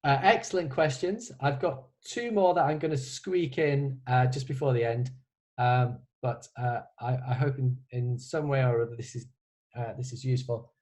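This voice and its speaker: A man's voice: mid-range voice, moderate pace, darkish tone, rough recording. A man who is a composer, answering student questions on a video call in a casual, hesitant way, with many restarts and a wry humor. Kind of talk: casual online Q&A.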